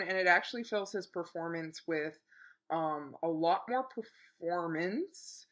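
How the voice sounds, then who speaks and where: A woman's voice: on the low side, measured pace, fairly bright tone. A woman co-hosting a casual podcast chat, explaining things with lots of likes and ums. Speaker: podcast co-host.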